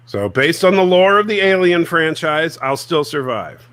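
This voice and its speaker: A man's voice: on the high side, very animated, normal speed, a bit bright, smooth. A man on a casual chat panel, ribbing the others playfully.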